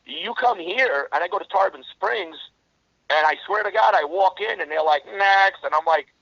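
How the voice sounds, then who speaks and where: A middle-aged man, telling rough street stories in a casual interview, blunt and heavy on the swearing. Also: high-pitched, normal speed, a bit bright, no room sound. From New York. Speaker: interview guest. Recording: dull lo-fi dry recording.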